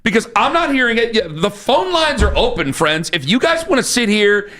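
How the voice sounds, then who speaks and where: A man's voice: high-pitched, big pitch swings, moderate pace, pushed and bright. A man hosting sports talk radio, ranting in a fired-up, repetitive, challenging way on a studio microphone.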